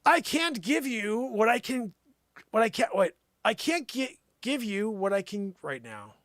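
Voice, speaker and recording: A tearful, apologetic British pop diva in a wobbly mock cockney accent, as a man hams it up. The voice sits high and swings widely, and it sounds close and dry. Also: big pitch swings, unhurried, fairly bright tone, no room sound, heavily acted. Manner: clumsy mock cockney accent, keeps breaking off.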